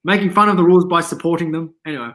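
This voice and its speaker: A man, a comedian guest in a casual interview, telling animated anecdotes and laughing often. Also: a little high, racing. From Australia.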